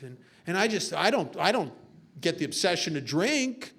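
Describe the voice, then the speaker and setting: A man's voice: high-pitched, very animated, moderate pace, gravelly, a bit bright, breathy edge. A man giving a personal testimony talk at a recovery meeting, earnest and confessional, telling stories with self-mocking humor.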